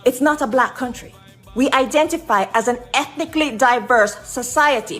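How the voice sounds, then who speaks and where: A woman's voice: sits high, moderate pace, a bit bright, faint music behind. A woman delivering an emphatic, lecturing monologue to camera. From Jamaica. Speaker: social media commentator.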